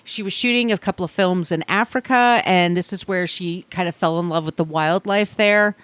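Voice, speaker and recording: A woman's voice: lowish voice, normal speed, a bit bright, clean tone, no room sound. A woman co-hosting a podcast in casual chat, telling stories chattily with frequent laughs and fillers. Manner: chatty storytelling, laughs often, filler-laden. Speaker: podcast co-host.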